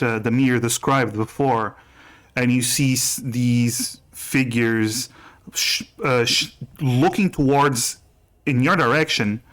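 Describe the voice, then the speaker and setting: A man narrating a tabletop game as game master, halting with many restarts. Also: mid-range voice, a bit bright.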